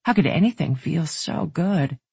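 A narrator voicing an eager young woman in love who speaks breathless and pleading, read in a husky, dry voice. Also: medium pitch, animated, a little slow, a little mellow, no room sound, exaggerated voice.

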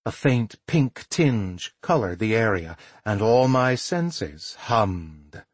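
A man reading a first-person audiobook in a measured, intimate way. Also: lowish voice, sing-song, slightly rough, no room sound. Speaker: audiobook narrator.

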